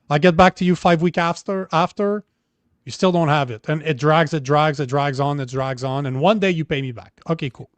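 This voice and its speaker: Blunt higher-voiced male host. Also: fairly quick, no echo. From Canada. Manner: blunt, argues with hypothetical examples. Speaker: podcast host. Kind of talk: casual chat.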